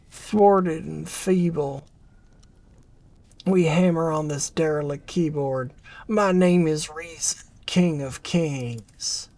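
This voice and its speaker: A performer reading a narrative game aloud, voicing a gloomy aging scientist in a hushed, low, drawn-out way. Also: gravelly, no room sound. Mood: brooding. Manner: mournful, brooding, dwells on loss. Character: gloomy aging scientist who calls himself a king. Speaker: game character voice.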